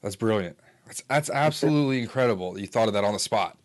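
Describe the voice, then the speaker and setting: A man's voice: on the low side, lively intonation, fast talker. A man hosting a casual chat, interested and asking follow-up questions.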